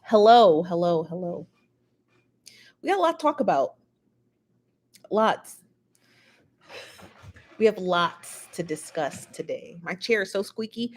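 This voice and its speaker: A woman's voice: lowish voice, animated, slow pace, pauses often, darkish tone. A woman hosting a live gossip show, chatting casually, greeting viewers by name and laughing often, seated at home on a built-in device mic. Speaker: livestream gossip show host. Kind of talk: casual live-chat talk. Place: seated at home in a squeaky chair.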